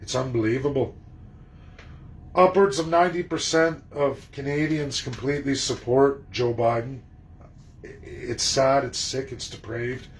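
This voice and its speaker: A man's voice: medium pitch, fairly even intonation, unhurried, low-quality recording. A man delivering an emphatic, indignant political monologue, throwing rhetorical questions at his audience and swearing freely. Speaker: political commentator.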